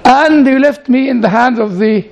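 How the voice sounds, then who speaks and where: This man's voice is very high and gravelly, delivered at a normal speed, with the high frequencies cut off. In a chatty sermon he keeps addressing the listeners with asides and questions, peppering it all with "you know."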